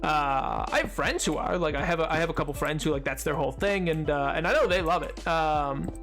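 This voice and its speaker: Brief: young male streamer, high voice, rambling casual chat, faint music behind. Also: brisk, a bit bright. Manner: rambling, talks to chat, many restarts and fillers.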